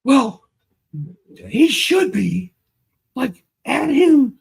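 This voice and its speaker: A man's voice: very high-pitched, sing-song, drawn-out words, gravelly, long pauses, breathy edge. A man co-hosting a casual sports podcast as analyst, emphatic and slangy with blunt opinions. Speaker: co-host and fantasy analyst. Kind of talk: casual fantasy basketball podcast chat.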